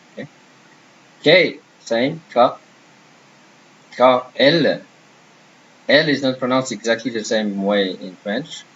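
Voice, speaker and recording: A man teaching a French lesson, slowly and deliberately pronouncing letters and repeating sounds for learners. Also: on the low side. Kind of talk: patient language lesson. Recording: dull lo-fi sound with faint hiss.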